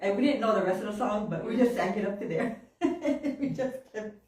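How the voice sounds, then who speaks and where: Animated storytelling woman in echoey hall. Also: mid-range voice, moderate pace. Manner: animated, laughing often, acts out childhood voices. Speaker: minister. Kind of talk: storytelling sermon. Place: church hall. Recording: very echoey room, mic at a distance.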